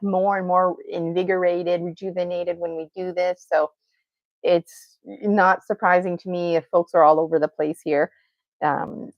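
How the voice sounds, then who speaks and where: A woman's voice: on the low side, no echo, highs cut off. A woman teaching an unscripted guided vocal exercise, encouraging and laughing often as she draws out vowel sounds. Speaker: voice and breathing teacher.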